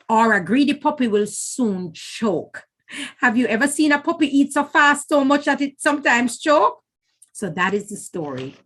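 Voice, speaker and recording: A woman reading a folk tale to children in an expressive, animated way. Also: high voice. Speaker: storyteller.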